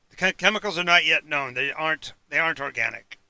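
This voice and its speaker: A man serves as game master for a tabletop game on a live stream, his voice very bright and forward. He is recorded dry and close, with no room sound. He pauses and restarts a lot and fills the gaps with "uh" and "um". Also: fairly high pitch, clean tone, no room sound. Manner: halting, with many fillers and restarts. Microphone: home mic for a live stream.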